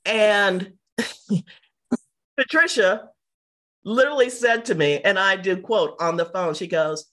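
A middle-aged woman, an interview guest, telling personal stories in a lively, casual way and acting out what people said. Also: mid-range voice, slow pace. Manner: animated, mimics people in quotes.

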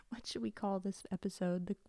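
Solo podcast host, woman in her thirties, tearful, swears freely, mellow tone, dry close sound. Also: mid-range voice, a little slow, dry recording. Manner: candid, blunt, swears freely. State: tearful, sniffling. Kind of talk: confessional solo podcast talk.

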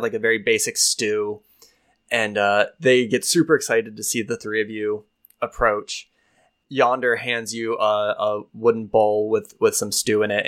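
Brief: male game master, relaxed narration, filler-heavy. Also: lowish voice, clear, resonant tone. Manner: casual, hesitant, many fillers.

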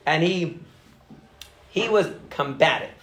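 A man's voice: on the high side, expressive, slow, fairly bright tone, echoey room, a little hiss or hum. A young man casually explaining psychology in a chatty, rambling way full of fillers.

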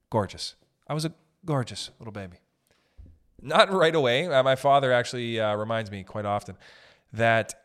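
A man's voice: medium pitch, smooth. A young man hosting a podcast, ranting casually with profanity and jokey asides. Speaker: podcast host. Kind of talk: casual comedic podcast rant.

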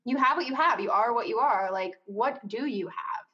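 A woman in her twenties, a coach and podcast guest, talking candidly in a casual, animated way. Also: on the high side, moderate pace, muffled recording. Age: 20s.

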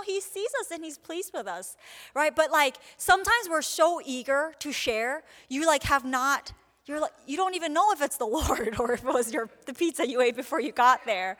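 A woman with a fairly high voice teaches on group prayer, talking casually and acting out little quoted prayers as she goes. Her voice rings with a long hall reverb. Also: moderate pace, fairly bright tone.

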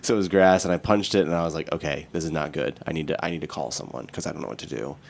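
A man's voice: extremely low pitch, rapid-fire, creaky. A man co-hosting a podcast, telling a personal story in a candid, rambling way. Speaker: podcast co-host. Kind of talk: casual podcast chat.

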